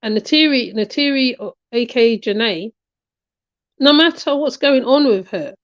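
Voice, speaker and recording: A woman's voice: fairly high pitch, expressive, a little slow, no echo. A woman giving casual reaction commentary, emphatic and repetitive, often checking in with "right?". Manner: emphatic, repeats her points, asks "right?" often. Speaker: commentary channel host. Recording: dry, slightly muffled lo-fi recording.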